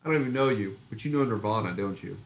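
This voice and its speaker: A man's voice: lowish voice, fast, creaky. A man in his forties joining a casual live chat, joking and self-mocking in a dry way. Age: 40s. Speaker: host's partner.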